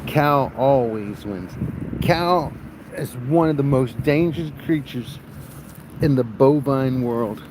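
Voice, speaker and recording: A man vlogging outdoors on a farm, telling rambling stories in a crude, joking, rough-spoken way. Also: mid-range voice, steady tone, slow pace, noisy background. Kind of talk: casual rambling storytelling.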